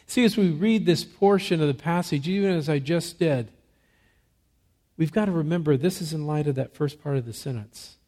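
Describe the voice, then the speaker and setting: Man preaching a dynamic sermon. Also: on the high side. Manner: swings from soft, slow emphasis to loud, rising exhortation; asks rhetorical questions and answers them. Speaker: pastor.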